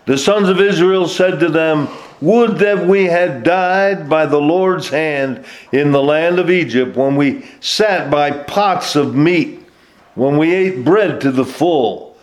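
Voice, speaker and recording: A man preaching a sermon and reading scripture aloud, speaking deliberately with frequent filler pauses. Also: medium pitch.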